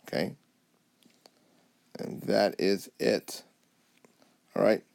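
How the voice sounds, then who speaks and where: A man with a fairly low voice and a gravelly edge of vocal fry explains Spanish adjectives over a whiteboard app. He talks patiently and keeps checking in with his students. He sounds like a teacher narrating a tablet lesson. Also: drawn-out words, a little mellow. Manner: patient, repeats "okay?" and "alrighty?" to check understanding. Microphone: tablet mic over whiteboard app.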